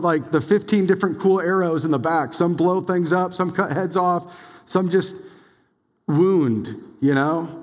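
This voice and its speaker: A young adult man preaching a sermon as pastor, casual and animated, full of "like"s and quick asides. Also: a little high. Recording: long hall reverb.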